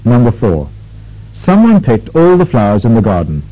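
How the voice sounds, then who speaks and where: A man instructing a recorded pronunciation drill, speaking slowly and carefully with exaggerated intonation. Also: medium pitch, huge pitch swings, mellow. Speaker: language lab instructor. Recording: dull lo-fi tape recording.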